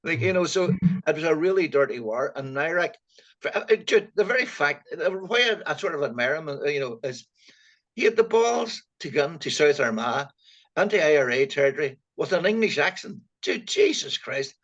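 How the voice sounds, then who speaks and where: A man with a Donegal accent co-hosts a loose political chat. His voice sits a little high and he talks in a colloquial, animated way. The sound comes through dull and lo-fi. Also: brisk. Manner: animated, colloquial, lots of fillers. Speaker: co-host.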